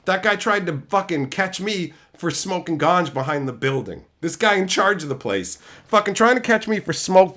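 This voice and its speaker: A man hosting a stream, casually ranting and telling profane stories about old jobs. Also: fairly high pitch. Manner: profane, animated, mimics coworkers in quotes. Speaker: streamer host. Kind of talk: casual storytelling rant.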